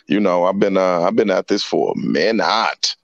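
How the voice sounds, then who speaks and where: A man's voice: low voice, normal speed, creaky, dry recording, lo-fi sound. Laid-back male comedian, easy laugh. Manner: laid-back, laughs often, repeats phrases. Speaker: comedian guest. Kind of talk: casual radio interview.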